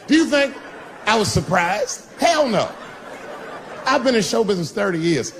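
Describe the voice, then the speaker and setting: A middle-aged man doing a live stand-up routine, punchy and profane, swinging between loud bursts and low asides. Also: sing-song, moderate pace, some chatter behind. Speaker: stand-up comedian. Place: comedy stage before a live crowd. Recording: noisy live stage recording with audience.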